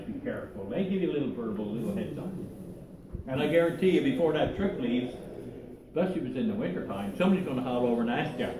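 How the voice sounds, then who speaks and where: An older man, a former coal miner guiding a mine tour and spinning joking stories, often checking in with "okay?" and "right?". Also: mid-range voice. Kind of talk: guided tour storytelling. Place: underground coal mine tunnel. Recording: echoey mine tunnel, distant mic, noisy.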